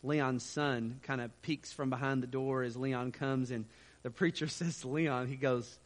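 A man's voice: medium pitch, fairly even intonation, a little slow. A man preaching a sermon, telling stories in a conversational way with frequent restarts and fillers. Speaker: pastor.

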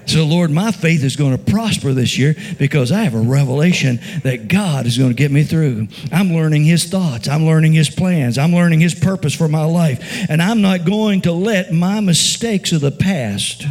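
A man's voice: on the high side, normal speed, few pauses, a little mellow, no echo. A man preaching a sermon, with call-and-response questions and repeated, building phrases. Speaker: pastor.

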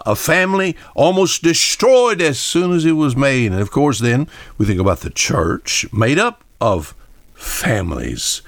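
A man's voice: mid-range voice, no room sound. An older man preaching a short radio Bible sermon in a folksy way, often asking his listeners directly.

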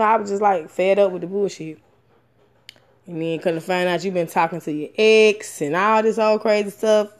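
A woman in her thirties telling a personal story candidly and frankly, swearing often, with many fillers and restarts. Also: moderate pace. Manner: animated, with sudden rises in pitch and loudness. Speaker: storyteller sharing a personal experience.

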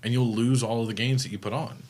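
A man's voice: medium pitch, steady tone, a little mellow. A young man co-hosting a casual podcast chat, laughing easily and speeding up as he explains. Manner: laughs easily, talks fast when explaining. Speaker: podcast co-host.

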